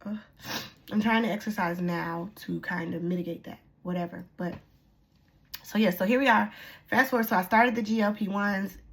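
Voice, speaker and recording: A woman's voice: mid-range voice, fairly even intonation, moderate pace, gravelly. A woman vlogger talking candidly and chattily about her health, full of fillers and asides. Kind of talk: casual personal vlog. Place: lives on a military post.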